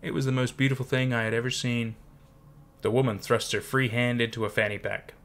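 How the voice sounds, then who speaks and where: A man reading a first-person horror story aloud in measured, tense scripted narration. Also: medium pitch, little pitch movement, creaky, fairly bright tone.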